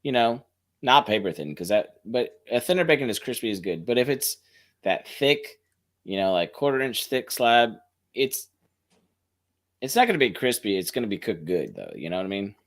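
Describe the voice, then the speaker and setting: Male co-host, rambling and jokey, lower voice, very animated pitch. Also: normal speed. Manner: rambling, self-deprecating jokes. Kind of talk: casual chat.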